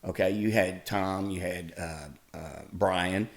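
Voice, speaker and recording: Middle-aged male guest, very low gravelly voice, folksy storyteller. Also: takes it slowly. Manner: folksy, animated retelling with laughs. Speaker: podcast guest. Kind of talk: casual storytelling.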